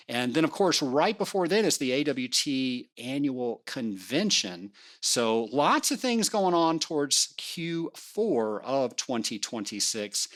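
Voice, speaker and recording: A woman's voice: a bass voice, no room sound, studio quality. A woman hosting a podcast interview, upbeat and playful, with big swings in her voice. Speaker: podcast host.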